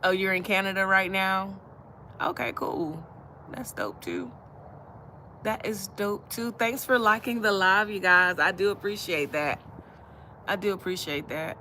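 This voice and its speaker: A woman's voice: medium pitch, measured pace, pushed and bright, a little hiss or hum. A woman from Alabama with a Southern accent, hosting a casual livestream chat, easygoing and laughing often as she repeats her phrases. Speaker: livestream host.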